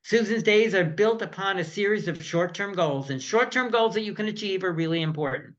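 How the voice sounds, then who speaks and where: A man giving a relaxed, conversational workshop talk to caregivers, illustrated with comic strips. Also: sits high, brisk. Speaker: presenter on caregiver stress. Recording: slightly muffled recording.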